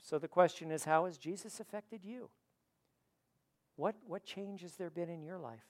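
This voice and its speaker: Pastor guy preaching in an auditorium, kinda high voice, goes loud then real quiet, stumbles on words sometimes. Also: moderate pace. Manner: preaching with rising and falling intensity, repeats words. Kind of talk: sermon.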